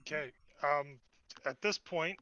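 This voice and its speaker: A man's voice: on the high side, takes it slowly, pushed and bright, smooth, no room sound, lo-fi sound. A man playing a tabletop game, casually and hesitantly describing what his character does. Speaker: player.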